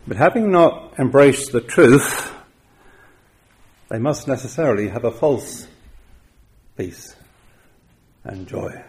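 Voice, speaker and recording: A man preaching a sermon, with emphatic stresses that rise loud and then drop quiet. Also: mid-range voice, expressive, slow pace, creaky, long pauses.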